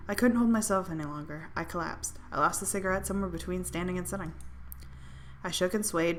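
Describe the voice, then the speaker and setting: A woman playing a story game, reading the first-person narration aloud in an expressive, sardonic voice and swearing freely. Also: lowish voice, a little hiss or hum. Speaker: game streamer. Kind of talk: dramatic reading of a visual novel.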